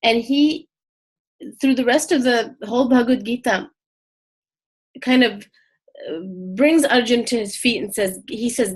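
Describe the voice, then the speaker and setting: A woman's voice: on the high side, unhurried, slightly rough. A woman teaching a casual spiritual lesson, talking conversationally with many fillers and restarts as she retells a story.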